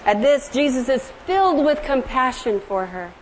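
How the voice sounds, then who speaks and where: Middle-aged southern-raised woman preaching, bit high voice, gentle storytelling, faint hiss behind. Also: very animated, normal speed, low-quality recording. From American South. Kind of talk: sermon with storytelling.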